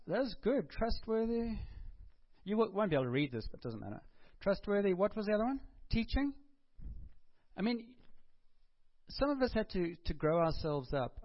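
A man's voice: fairly high pitch, dull audio. A man preaching a sermon in a conversational way, putting questions to the congregation and taking their answers. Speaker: pastor.

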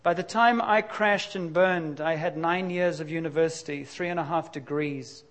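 A man's voice: fairly high pitch, moderate pace, fairly bright tone. Candid, emphatic male preacher. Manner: candid, confessional, conversational with sudden emphatic bursts. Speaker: pastor. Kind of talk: sermon.

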